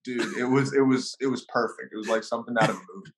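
A man's voice: mid-range voice, fast, noisy background. Laughing man telling a story. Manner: animated, laughs often, acts out quotes. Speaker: guest. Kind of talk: casual storytelling.

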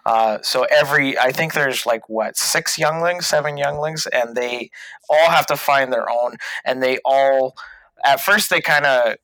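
Guy with a bright forceful tone, dry close mic, rambling casual chat full of restarts. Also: mid-range voice, unhurried, dry recording, low-quality recording. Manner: hesitant, many fillers and restarts. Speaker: podcast co-host.

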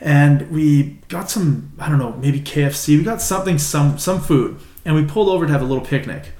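A man's voice: fairly high pitch, fairly quick, warm tone, roomy sound. A man co-hosting a podcast, telling a childhood story in a loose, rambling way and swearing freely. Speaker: podcast co-host. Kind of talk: casual chat, storytelling.

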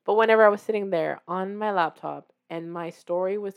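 Addressing the listener directly, an author who hosts her own podcast tells her story in a warm, encouraging, casual motivational style, acting out how she reacted. She speaks a little fast in a mid-range voice that is clear and resonant yet creaky, and the audio sounds dull.

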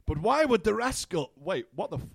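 A man's voice: sits high, sing-song, fairly quick, gravelly, husky, no echo, exaggerated voice. A man voicing a hot-headed male duck detective out for vengeance, talking in outbursts and exclamations. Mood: outraged.

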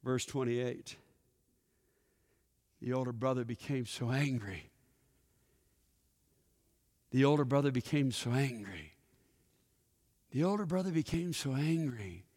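A pastor giving a sermon, telling a story and putting questions to the congregation. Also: male voice, medium pitch, expressive, a little slow, long pauses, a little mellow. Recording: echoey hall with long reverb.

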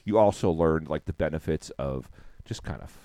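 Deep, mellow-voiced man chatting. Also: lively intonation, moderate pace, no echo. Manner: laid-back, filler-heavy, prompts with questions. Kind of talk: casual chat.

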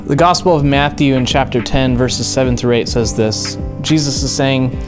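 A man, a pastor, introduces a recorded sermon in a calm, measured way, reading scripture slowly. Plucked guitar music plays clearly underneath his voice. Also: medium pitch.

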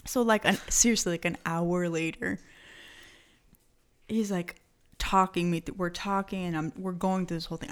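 A woman with a mid-range voice telling stories in a casual chat. She is lively, laughs often and swears now and then. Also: on the low side, normal speed, clean tone.

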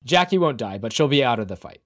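A man's voice: mid-range voice, expressive, fast. Man narrating as game master. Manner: vivid, wry narration.

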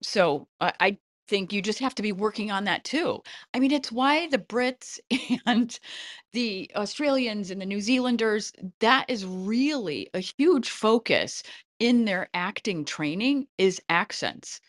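A middle-aged woman casting director giving animated, chatty advice in an interview, often breaking into light laughs. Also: medium pitch, unhurried, no room sound, studio quality.

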